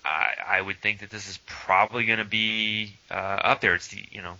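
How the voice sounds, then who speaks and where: A man's voice: on the low side, fairly even intonation, moderate pace, pushed and bright, no room sound. A man co-hosting a casual chat, hesitant and full of fillers but enthusiastic. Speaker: podcast co-host. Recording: dull lo-fi sound.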